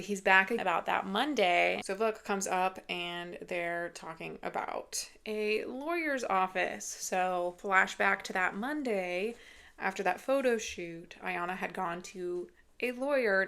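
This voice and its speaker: A woman's voice: medium pitch, unhurried, vocal fry, bright, forceful tone. A woman giving a casual, chatty book review rant, retelling the story with lots of "like" and acting out the lines.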